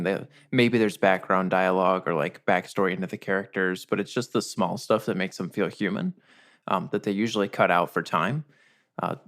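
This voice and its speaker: A man co-hosting a film podcast, retelling scenes in an easygoing, casual way. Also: deep voice. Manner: easygoing, storytelling. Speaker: podcast co-host. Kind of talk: casual chat.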